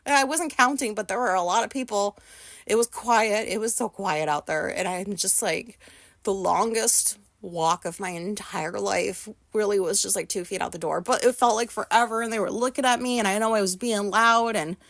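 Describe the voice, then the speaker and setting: A woman's voice: medium pitch, moderate pace, gravelly, no room sound, clean studio sound. Rambling, swearing American woman. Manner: rambling, swearing, many fillers; anxious retelling, voices others in quotes. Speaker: vlogger. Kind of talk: casual storytelling.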